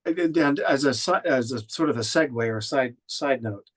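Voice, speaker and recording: A mid-range, slightly bright voice at normal speed belongs to an Oklahoma, USA, man who narrates and directs audiobooks. He gives feedback in a thoughtful, conversational manner, restarting often and using fillers.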